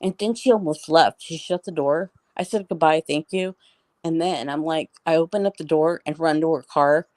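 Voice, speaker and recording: Low-voiced middle-aged woman, rambling. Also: normal speed, a little mellow, dry recording. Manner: rambling, full of "like" and restarts. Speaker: guest. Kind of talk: casual storytelling.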